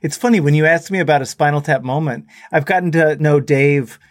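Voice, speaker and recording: Guest storyteller: middle-aged man, slightly high voice, lively, laughs easily, dry close mic. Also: fairly quick, no echo. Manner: animated storyteller who laughs often. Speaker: musician guest. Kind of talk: casual anecdote telling.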